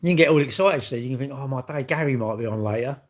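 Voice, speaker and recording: With a medium-pitched voice and a quick pace, a sixty-something livestream host chats casually and cheekily with his audience, bantering and tossing in the occasional curse.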